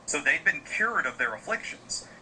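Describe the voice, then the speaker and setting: Rambling man telling a dark tale. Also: fairly high pitch, sing-song, normal speed, a little hiss or hum, rough recording. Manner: loose, rambling, frequent fillers. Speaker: podcast host telling a story. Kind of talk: casual spoken storytelling.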